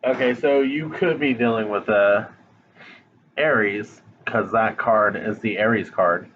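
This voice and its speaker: A man's voice: lowish voice, measured pace, lo-fi sound, background noise. A man giving a casual tarot reading straight to the viewer, blunt and frank, swearing now and then. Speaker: tarot reader. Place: home, dog nearby.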